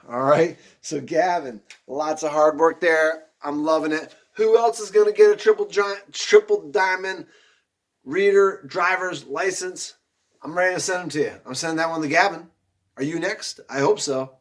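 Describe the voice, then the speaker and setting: Male teacher, slightly high voice, encouraging, speaks to young children. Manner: upbeat and encouraging, calling out pupils by name; slow, soft guided breathing. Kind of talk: video lesson to young pupils.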